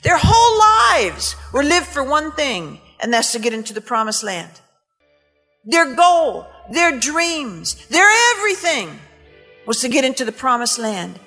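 A woman's voice: sits high, sing-song, a little slow, sharp tone. A woman preaching a sermon, impassioned and emphatic, with scornful asides and Scripture read aloud. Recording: long hall reverb, faint music.

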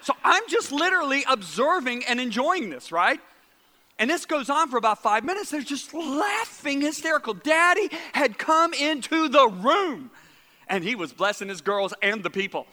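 A man preaching a sermon and telling a story, animated, often repeating words and dropping to a hushed voice. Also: very high-pitched, normal speed, long reverb tail.

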